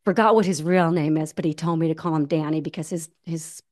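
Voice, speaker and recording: A woman in her forties telling a personal story in a casual interview, animated, with many restarts. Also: low voice, a little fast. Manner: animated, many restarts, acts out quoted voices. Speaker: guest, ultramarathon runner.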